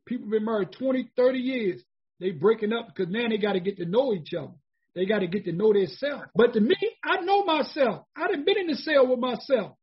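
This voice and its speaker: A man in his forties speaks with a raised, husky voice. He tells his own story in a conversational way, repeating points for emphasis. The recording sounds dull and lo-fi. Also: high-pitched. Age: 40s. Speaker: formerly incarcerated speaker. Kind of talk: personal storytelling talk.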